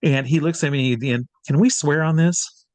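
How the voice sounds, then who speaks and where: A man from Iowa telling a long personal anecdote as an interview guest, lively, his voice jumping high when he reenacts scenes. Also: moderate pace, no room sound. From Iowa, USA. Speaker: interview guest, hypnotist and magician.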